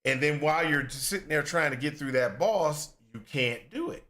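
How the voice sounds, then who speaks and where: Bright-voiced man venting about a game. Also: fairly high pitch, lively intonation, normal speed. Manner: rambling, exasperated venting about game difficulty; acts out his own past complaints in asides. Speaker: gaming content creator. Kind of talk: casual reaction commentary.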